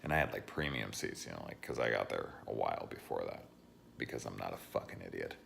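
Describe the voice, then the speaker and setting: A man telling profane, animated stories in a casual vlog rant, laughing as he goes. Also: very deep voice, quick pace, gravelly, a little hiss or hum. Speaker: horror movie reviewer.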